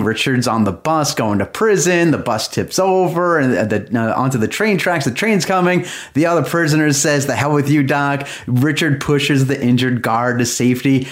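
A man co-hosting a podcast, telling a story in a casual, animated way and laughing often. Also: medium pitch. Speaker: podcast co-host. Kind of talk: casual chat.

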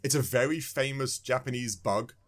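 A man's voice: medium pitch, moderate pace. A man co-hosting a casual chat about a video game, rambling and repeating words as he thinks. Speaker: podcast co-host.

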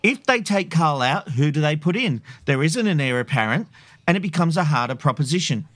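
A man's voice: fairly high pitch, lively intonation, brisk, fairly bright tone, dry recording. A man co-hosting a podcast, chatting casually and assertively steering the conversation. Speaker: podcast co-host.

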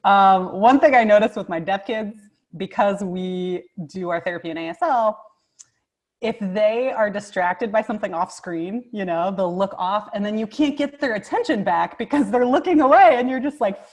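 A woman's voice: medium pitch, normal speed. Bubbly woman guest who laughs easily. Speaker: guest speech therapist. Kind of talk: casual interview chat.

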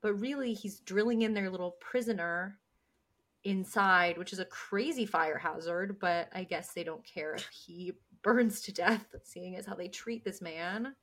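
A woman's voice: mid-range voice, measured pace, a bit bright. A woman co-hosting a podcast, chatting casually as she recaps a TV episode, laughing often and acting out the characters' lines. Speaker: podcast co-host.

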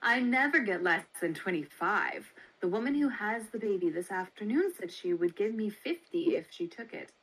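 Woman reading as a complacent baby trader, brisk, businesslike, matter-of-fact, read-aloud article, middle pitch. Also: sing-song, a bit bright, husky, exaggerated voice, poor audio. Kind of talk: dramatic reading of a historical article.

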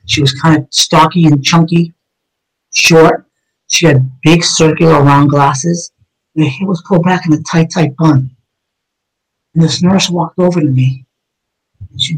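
A man's voice: on the high side, poor audio. A man, a police officer, telling his own story in a conversation, blunt and emphatic with heavy cursing.

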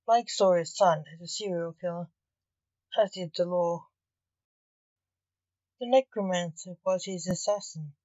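A woman narrating a story in an even, measured reading. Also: on the low side, no room sound. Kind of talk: scripted narration. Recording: dull, dry recording.

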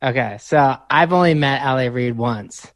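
A man casually telling an anecdote in a relaxed, halting way with a few restarts. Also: medium pitch, dry recording.

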